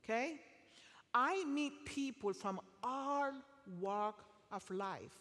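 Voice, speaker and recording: Lively woman speaker in a reverberant hall. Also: slow. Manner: storytelling, acts out dialogue with lively swings in pitch. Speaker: chapel speaker. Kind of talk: testimony sermon. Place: university chapel. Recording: long reverb of a large hall.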